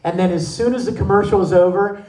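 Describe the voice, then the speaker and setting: A man as a convention panel guest, telling stories in an animated way: he laughs often and acts out the other voices. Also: sits high, quick pace, background noise. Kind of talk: animated storytelling. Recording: echoey room from far off.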